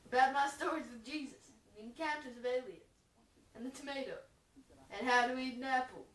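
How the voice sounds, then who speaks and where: A woman's voice: sits high, fairly quick. A woman improvising a goofy, rambling parody voice-over of a preacher, full of restarts. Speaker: fan voice-over comedian. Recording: roomy echo, far from the mic.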